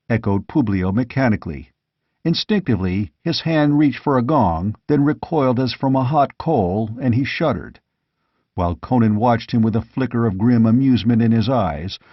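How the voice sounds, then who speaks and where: A man narrating an audiobook in a measured, steady storytelling manner. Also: medium pitch, dry recording. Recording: dull, dry lo-fi audiobook recording.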